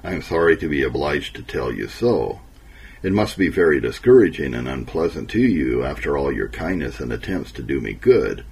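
A man voicing a sorrowful, tearful woman who speaks in a soft, trembling, apologetic way. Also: a bass voice, sing-song, normal speed, creaky, husky, exaggerated voice. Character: sorrowful, tearful middle-aged woman, gentle and humble.

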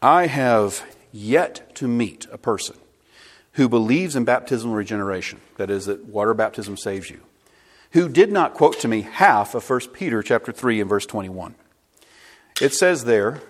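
A man's voice: mid-range voice, expressive, normal speed. A man preaching a sermon, emphatic and asking the congregation rhetorical questions.

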